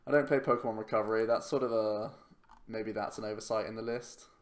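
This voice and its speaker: A man's voice: fairly low pitch, steady tone, quick pace. A man hosting a card game channel, giving casual, self-mocking commentary on his own play and sounding tired. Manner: self-mocking, wry, talks to himself over the game. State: tired, yawning. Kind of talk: casual commentary while playing.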